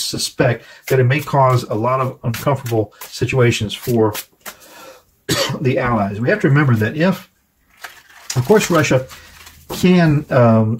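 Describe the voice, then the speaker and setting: A man giving a casual tarot reading to camera, halting now and then and chatting with his viewers. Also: mid-range voice, slight background noise. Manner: halting, frequent fillers and restarts; chatty, asks viewers to comment. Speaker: tarot reader.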